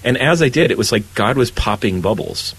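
Husky-voiced priest in earnest conversation. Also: male voice, mid-range voice, lively intonation, low-quality recording. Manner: earnest, warm-hearted, pausing and restarting often. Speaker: Catholic priest. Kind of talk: faith conversation.

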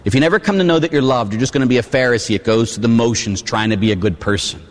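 A Catholic priest from Pittsburgh preaching a storytelling sermon, animated, acting out voices and shouting at the peaks. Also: male voice, mid-range voice, very fast. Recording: long hall reverb.

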